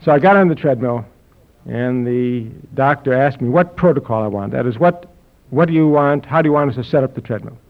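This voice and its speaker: A man's voice: medium pitch, brisk. An older man telling a personal story to a live audience in a dry, wry, anecdotal way. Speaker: speaker telling his health story. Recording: dull lo-fi recording with audience laughter.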